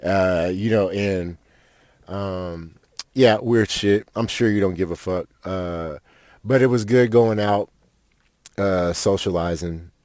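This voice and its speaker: A man's voice: low voice, slow, a little mellow, no echo, clean studio sound. A young man, a podcast host telling a rambling, profane story with lots of fillers. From Fort Worth, Texas. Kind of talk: casual storytelling monologue.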